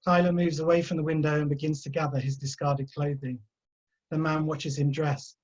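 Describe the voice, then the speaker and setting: A man reads his own fiction aloud, calmly and carefully. His voice is husky and sits a little high. It comes through dull, lo-fi video call audio. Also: moderate pace. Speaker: author.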